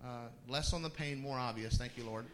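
A middle-aged man preaches in a relaxed, storytelling way, his voice sitting at an ordinary male pitch. He talks to the congregation like friends, restarting sentences and slipping in amused asides. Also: brisk, a little hiss or hum. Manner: conversational, with laughing asides and restarts. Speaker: pastor. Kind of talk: sermon storytelling.

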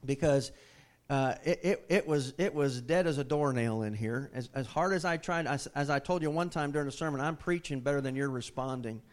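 A man's voice: medium pitch, brisk. A middle-aged man preaching a sermon, telling a family story in a folksy way with many restarts. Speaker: pastor.

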